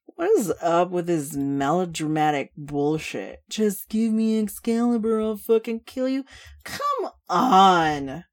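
A woman's voice: lowish voice, lively intonation, takes it slowly, voice pushed up. A woman reading a story, voicing a brash, drunken young woman who slurs and hollers. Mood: mocking. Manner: slurring, loud, hollering.

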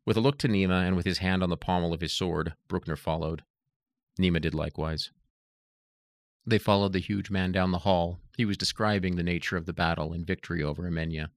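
A man narrating an audiobook in a steady, even reading voice. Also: low-pitched, a little fast, no echo, studio quality.

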